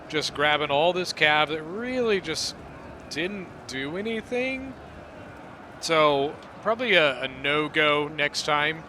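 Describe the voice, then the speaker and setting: A man giving relaxed, rambling play-by-play commentary on a strategy game battle, often correcting himself mid-sentence. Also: on the high side, slight background noise. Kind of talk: casual gameplay commentary.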